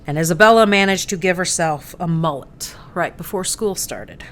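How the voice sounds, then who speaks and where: A woman's voice: lowish voice, expressive, moderate pace, a little hiss or hum. A woman in her forties hosting a live painting stream, chatting casually and laughing easily. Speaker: host. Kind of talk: casual chat while painting miniatures.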